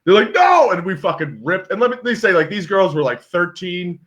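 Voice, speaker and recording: A man's voice: sits high, brisk. A young man telling a story in casual chat on a video call, acting out the voices of the people in it. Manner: animated storyteller, acts out voices.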